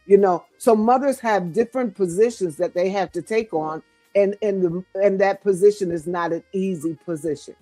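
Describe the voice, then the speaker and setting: A woman's voice: medium pitch, moderate pace, warm tone, no room sound, faint music behind. An older woman guest speaking with fervent, sermon-like cadence, encouraging mothers. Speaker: guest co-author. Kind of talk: preaching-style encouragement.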